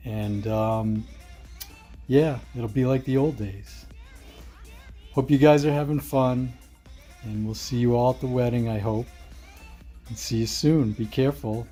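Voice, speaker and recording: A middle-aged father recording a short, unhurried video message for his daughter. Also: medium pitch, dark tone, soft background music. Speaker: father of the bride.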